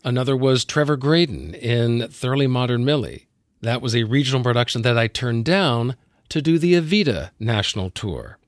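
A man hosting a podcast, narrating a scripted segment in a measured, reflective way. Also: mid-range voice, no echo, studio quality. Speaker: podcast host.

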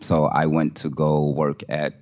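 A middle-aged man with a very low voice, relaxed and rambling as he chats. He talks with plenty of slang, easygoing and unhurried. He's a musician swapping stories on a casual talk show. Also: background noise. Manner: laid-back, rambling, slangy. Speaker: musician, co-host. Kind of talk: casual chat.

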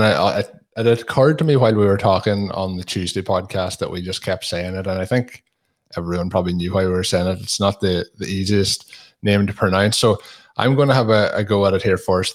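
A man with an Irish accent, hosting a podcast in an easygoing, self-deprecating way. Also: deep voice. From Ireland. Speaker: podcast host. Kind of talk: casual podcast chat.

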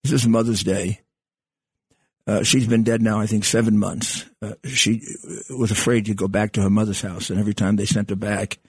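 An older man hosts a talk radio show in a husky, slightly rough voice. He rambles with halting restarts and plenty of fillers. The sound is dry and close, with no room around it. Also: fairly low pitch, a little mellow, no echo. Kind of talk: casual talk radio monologue.

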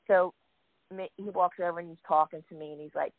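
A woman hosting a casual chat, telling a story in a lively way and acting out what others said. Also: on the low side, a little fast, no room sound. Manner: lively storyteller, acts out quoted voices. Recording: tinny dry phone line.

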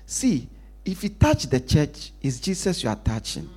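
A male pastor preaching with a husky edge and a pitch that swings widely. He asks the congregation to finish his sentences, and he sinks to a near whisper when he stresses a point. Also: unhurried. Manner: call-and-response preaching, lively pitch, drops to a hush for emphasis. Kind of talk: sermon.

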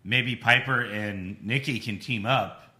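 A man's voice: medium pitch, takes it slowly, bright, forceful tone. A man co-hosting a casual chat, joking and agreeing, with some swearing. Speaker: podcast co-host.

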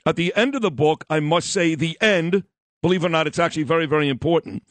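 Man, Brooklyn accent, radio host, slightly high voice, dry close studio mic. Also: fast, no echo. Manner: joking, self-mocking, loud. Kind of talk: casual radio banter. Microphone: studio microphone.

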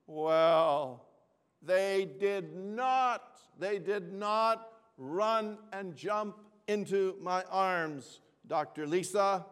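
A man's voice: high-pitched, animated, slow pace, fairly bright tone. An older man telling a humorous personal story to a gathering, often repeating his phrases and asking the audience to answer back. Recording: long reverb of a large hall.

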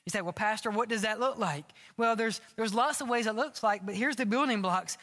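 A man preaching a sermon as pastor, impassioned and earnest, sometimes dropping his voice low for emphasis. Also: brisk, hardly any pauses, fairly bright tone. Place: large church sanctuary. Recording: long hall reverb.

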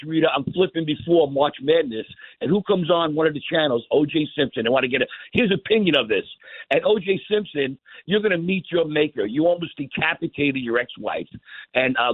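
A man calling in to a talk radio show, rambling and halting with many fillers. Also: a little high, slightly rough, no room sound. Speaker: caller. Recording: tinny phone line.

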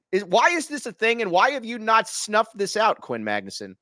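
Man, podcast host, fairly high voice, swooping and lively, jokey teasing, dry close sound. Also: normal speed, no room sound. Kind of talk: casual podcast chat.

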